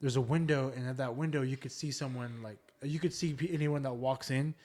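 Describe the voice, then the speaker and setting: A man's voice: mid-range voice, fairly even intonation, a little fast, darkish tone, a little hiss or hum. Rambling young man telling ghost stories. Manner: rambling, filler-heavy ghost storytelling. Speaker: podcast host. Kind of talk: casual storytelling chat.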